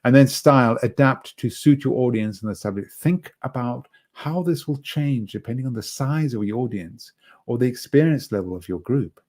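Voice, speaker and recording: A man giving an online lecture as a presentation skills trainer, talking conversationally with many restarts and asides and shifting his loudness for emphasis. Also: medium pitch, expressive, normal speed.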